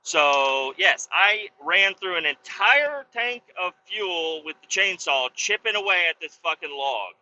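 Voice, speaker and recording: A man's voice: high-pitched, expressive, a little slow, few pauses, sharp tone, lo-fi sound. A man hosting a podcast, telling a story in casual, profane, laid-back talk while driving a car. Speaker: podcast host.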